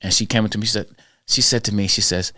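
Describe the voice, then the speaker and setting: A man with a fairly low voice tells school stories on a podcast, animated and conversational. He slips in and out of quoted voices as he goes. The sound is dry and close, with little room around him. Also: fast, dry recording. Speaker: podcast host and school character-education speaker. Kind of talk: conversational storytelling.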